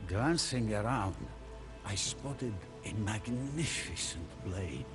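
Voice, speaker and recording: Slow dramatic narration commander. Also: male voice, lowish voice, animated. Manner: measured, storytelling. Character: commander recounting a journey. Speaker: campaign narrator. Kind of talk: dramatic game cutscene narration. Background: orchestral music.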